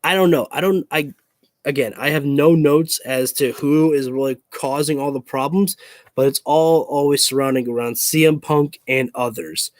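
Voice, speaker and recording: A man's voice: fairly high pitch, normal speed, dry recording. A man in a casual opinion rant to camera as a wrestling YouTuber, frustrated, swearing and repeating himself.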